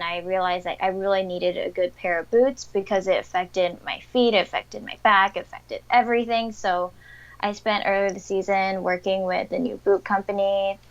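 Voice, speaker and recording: Young woman interviewee, upbeat chatty delivery, mid pitch, slightly dull audio. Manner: chatty, upbeat, frequent fillers and laughs. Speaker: interviewed athlete. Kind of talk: casual interview answers.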